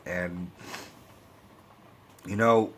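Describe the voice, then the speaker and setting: Middle-aged guy ranting about a film, cussing a lot, low husky voice. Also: extremely slow. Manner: profane, rambling, excitable. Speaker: vlog host. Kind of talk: ranting movie review.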